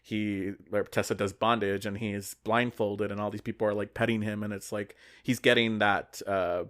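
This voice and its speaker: A man's voice: lowish voice, level tone, normal speed, a bit bright. A man co-hosting a podcast in casual chat, retelling a story in a rambling way with lots of "like" and "uh". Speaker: podcast co-host.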